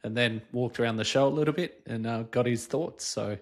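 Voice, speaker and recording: A man on a podcast, talking in an earnest, emphatic way. His voice sits at a middle pitch for a man, and he is giving his views in casual conversation. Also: a little fast, slight background noise. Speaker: podcast co-host. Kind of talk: casual chat.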